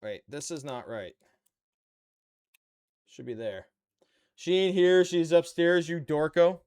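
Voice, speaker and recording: A man's voice: on the high side, slow pace, darkish tone, clean tone. Chatty man muttering through a build. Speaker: streamer building a model kit. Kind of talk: casual live-stream chat.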